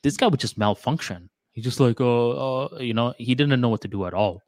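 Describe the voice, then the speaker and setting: A man of middle pitch reasons his way through ideas on a casual podcast. His talk is loose and full of filler words. The recording is close and dry, with no room sound. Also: brisk, darkish tone, no echo. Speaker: podcast co-host. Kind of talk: casual chat.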